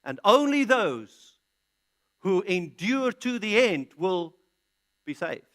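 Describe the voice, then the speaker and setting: A man's voice: sits high, very animated, takes it slowly, a bit bright. A man preaching an expository sermon, reading scripture aloud and answering his own questions with emphatic, punched key words. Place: large church hall.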